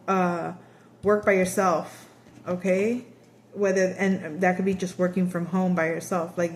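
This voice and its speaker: A woman's voice: mid-range voice, a little mellow, a little hiss or hum. A woman giving a casual tarot reading, chatty and rambling, laughing often and acting out quoted voices. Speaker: tarot reader.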